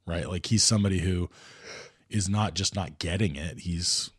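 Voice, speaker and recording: Deep-voiced rambling man. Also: moderate pace, slightly rough, no room sound, studio quality. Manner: rambling, with many restarts and fillers. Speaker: podcast host. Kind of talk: casual movie podcast chat.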